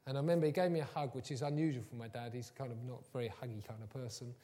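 A man preaching a sermon, telling personal stories, moving from quiet and low to loud and emphatic. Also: steady tone, very fast. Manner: warm storytelling, swings from soft and low to loud and emphatic. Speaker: pastor. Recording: long hall reverb.

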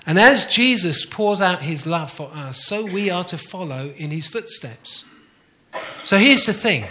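A man preaching a conversational sermon to his congregation, often asking them questions and slowly repeating key phrases. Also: high voice, animated, sharp tone. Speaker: pastor.

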